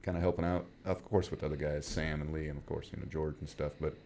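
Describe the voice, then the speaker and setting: Man, co-host, casual chat, very low voice, crude joking. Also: little pitch movement, fast, vocal fry, warm tone, slight background noise. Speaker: podcast co-host.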